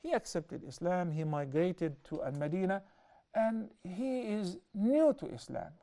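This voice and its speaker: A man lectures on a hadith in a dark, mellow voice. He speaks in a measured way and often stops to restate a point more clearly. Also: high-pitched. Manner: measured, explanatory, with repeated self-corrections. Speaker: Islamic teacher. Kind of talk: explaining a hadith to a class.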